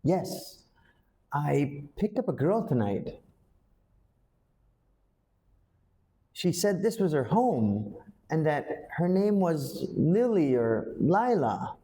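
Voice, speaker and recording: A man's voice: high voice, very animated, takes it slowly, pauses often, darkish tone, roomy sound, pitched above the performer's own voice, exaggerated voice. A man playing a startled adult male driver in a school ghost play, reading the script lines aloud with a raised, wide-eyed rehearsal delivery. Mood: hesitant.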